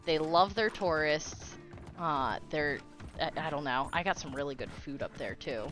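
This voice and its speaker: A woman's voice: low voice, normal speed, music in the background. A young woman chatting casually while streaming a game, telling stories and laughing often. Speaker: live streamer.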